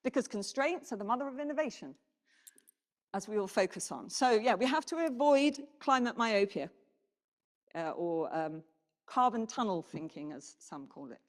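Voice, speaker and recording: A woman giving a conference presentation, animated and putting questions to the audience. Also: medium pitch, normal speed. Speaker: keynote speaker. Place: conference hall. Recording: reverberant hall.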